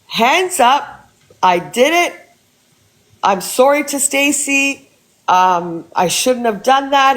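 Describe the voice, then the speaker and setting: A woman giving her blunt opinion in a casual live chat, emphatic and swearing often. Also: on the high side. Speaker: live audio chat participant.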